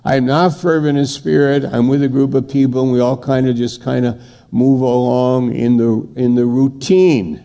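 A man's voice: medium pitch, flat delivery, moderate pace, gravelly, warm tone. A man preaching a conversational sermon, with sudden emphatic bursts and frequent restarts. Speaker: pastor.

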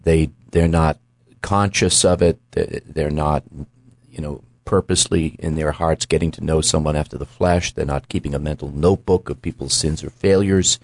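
Deep-voiced emphatic show host. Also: male voice, fairly even intonation, normal speed, no echo, studio quality. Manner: emphatic, quotes scripture, stumbles and repeats. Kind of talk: Bible teaching in talk show.

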